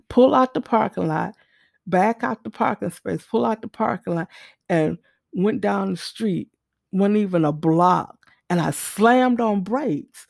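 Middle-aged lady telling her own story, acts out every bit of dialogue, raspy edge. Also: mid-range voice, animated, unhurried, a little mellow, no echo, clean studio sound. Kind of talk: personal testimony storytelling.

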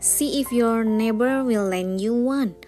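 A woman voicing a woodcutter's clever, cheerful young son, who speaks brightly and eagerly in a storybook reading. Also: fairly high pitch, a little slow, soft background music, close to an everyday voice.

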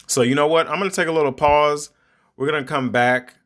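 A man's voice: a little high, steady tone, brisk, fairly bright tone. A middle-aged man hosting a podcast, giving rambling, conversational advice to parents in a preachy tone. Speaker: podcast host. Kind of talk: casual monologue podcast.

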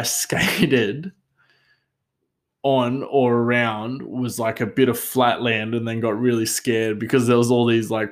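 A man telling a casual, rambling story with many fillers, self-mocking and often laughing. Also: medium pitch.

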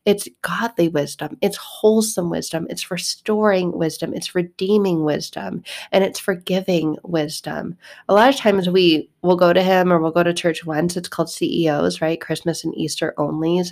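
A woman hosting a podcast, giving earnest, animated devotional teaching in a conversational way. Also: on the low side, gravelly. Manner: earnest and animated, with quick asides. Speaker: podcast host.

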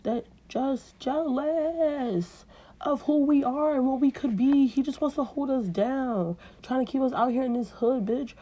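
A sassy, excitable young first woman gushes in slang, as a woman acts her out. Her voice jumps high above the narrator's own and stays dramatic, with a husky, mellow grain. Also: unhurried. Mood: persuasive.

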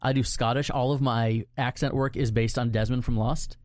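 A man co-hosting a casual podcast chat, self-deprecating and quick to laugh. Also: mid-range voice, fairly even intonation, a little mellow, no room sound, clean studio sound. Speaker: podcast co-host.

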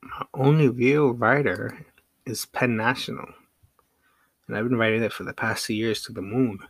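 Gravelly rambling podcast guy. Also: medium pitch, fairly even intonation, moderate pace, a bit bright, no echo. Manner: rambling, frequent fillers and restarts, casual swearing. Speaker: podcast host. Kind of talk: casual solo podcast monologue.

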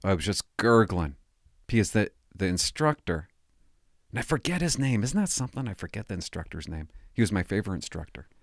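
A man's voice: lowish voice, lively intonation, a little fast, no echo, clean studio sound. A man rambling through a casual story, often interrupting himself and laughing at his own tale. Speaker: former police cadet telling stories.

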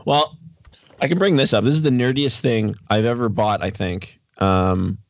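A man hosting a casual interview, asking questions in a relaxed way with joking asides. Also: on the low side, normal speed, dry recording. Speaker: host.

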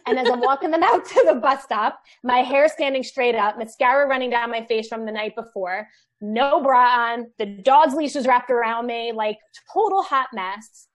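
A woman in her thirties tells a story about family life in a loose, animated way. Her voice sits a bit high. She leans on "like" and "you know" as she goes. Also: normal speed. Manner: animated storyteller, lots of "like" fillers. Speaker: guest, children's book author. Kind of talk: casual podcast chat.

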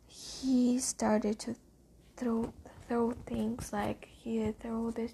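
A woman casually retelling a book's story, halting and searching for words, half whispering and swearing now and then. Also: fairly high pitch, gravelly, mellow, slight background noise. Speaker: reader retelling a book.

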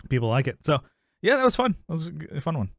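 With a fairly high, sing-song voice and some vocal fry, this man talks fast. He's a podcast co-host in casual conversation, rambling through a sitcom episode recap, laughing often and acting out characters' lines, in clean studio sound with no room echo.

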